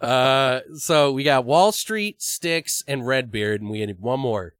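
A man talks through ideas in a loose, rambling way, swearing and laughing as he goes. His pitch sits in the middle range for a man. The recording is dry and close, with no room sound. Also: slow, a bit bright, clean tone, no room sound. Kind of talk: casual brainstorming chat.

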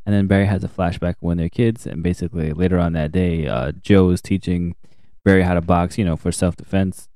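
A man's voice: deep voice, steady tone, fairly quick, dark tone, dry recording, studio quality. A young man co-hosting a podcast, recapping a TV show in casual, crude, joking chat and acting out characters' lines.

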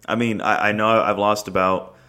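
A man co-hosting a casual podcast, telling stories rapidly with restarts and swearing. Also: fairly low pitch, flat delivery, sharp tone. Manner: rapid, profane storytelling with restarts. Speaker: podcast co-host and school coach.

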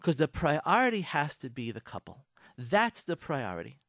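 Radio host, male, very lively pitch, acts out both sides of an argument. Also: moderate pace, no echo, clean studio sound. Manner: animated, acts out both spouses in quotes, lectures the listener directly. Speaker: radio host giving marriage advice. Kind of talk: direct-address advice talk.

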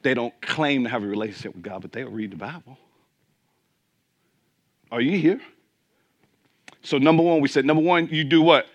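A man preaching a sermon as pastor, swinging between emphatic peaks and quiet asides and asking the congregation questions. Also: mid-range voice, normal speed, pauses often, muffled recording.

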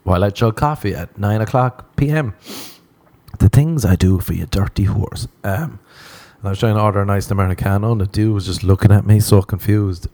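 A young comedian from Ireland delivers a comedic monologue of crude, self-mocking stories, laughing at his own jokes. His voice is fairly low, mellow and fairly quick, with no room sound.

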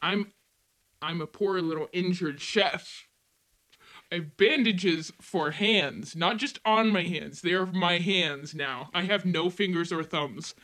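A high, whiny cooking-show host, acted by a man in a comedy sketch, teasing and squabbling with his partner. He whines and protests at every scolding. His voice sits bright and high for a man. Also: slow pace, full character voice. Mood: playful. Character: Rosario, bickering clumsy male TV cooking host.

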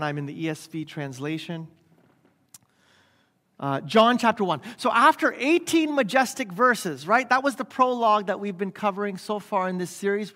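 A man's voice: high voice, fairly bright tone. A man preaching a sermon in a church in a conversational way, often checking in with the congregation by asking "right?". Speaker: pastor. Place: church sanctuary. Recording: long hall reverb.

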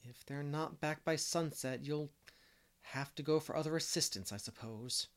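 A man's voice: on the high side, moderate pace, natural voice. A man voicing an imaginative, talkative young girl who speaks earnestly and fancifully.

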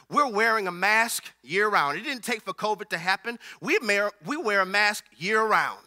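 A man's voice: high voice, animated, unhurried, pushed and bright. A man preaching a sermon who builds rhythmic repetitions and calls on the congregation to respond.

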